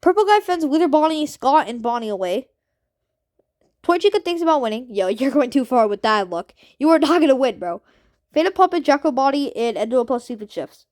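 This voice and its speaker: A young woman reading out simulated game results and reacting in casual slang with excited, incredulous outbursts. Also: sits high, brisk, no echo, studio quality. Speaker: gaming commentator.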